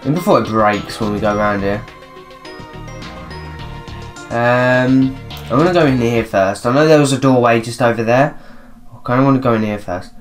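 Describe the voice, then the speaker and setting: A man's voice: mid-range voice, moderate pace, pauses often, soft background music. A man casually commentating his horror game playthrough, swearing and laughing at himself. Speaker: gaming channel host. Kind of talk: let's play commentary.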